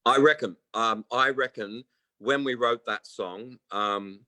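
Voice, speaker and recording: A man in his sixties talks as a guest over a remote call. He rambles through long anecdotes and drops into the voices of people he quotes. His voice sits at an ordinary middle pitch, and the sound is dry and close. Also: takes it slowly, bright, forceful tone, dry recording, low-quality recording. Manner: rambling storyteller who acts out quoted voices. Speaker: guest musician. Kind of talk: casual interview chat.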